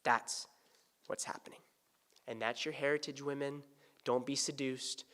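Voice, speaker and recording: A male pastor preaching a sermon, swinging from hushed, tender asides to loud, pleading emphasis. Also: mid-range voice, steady tone, normal speed. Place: church sanctuary. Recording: church sanctuary with long reverb.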